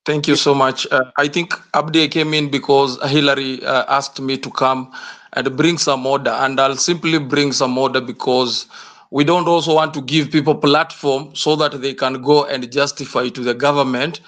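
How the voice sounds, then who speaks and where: A man's voice: medium pitch, fairly even intonation, moderate pace, a bit bright. A man with a Kenyan accent moderating a live debate firmly, switching between English and Swahili. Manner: firm, mixes English with Swahili phrases. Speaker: moderator of an online audio discussion.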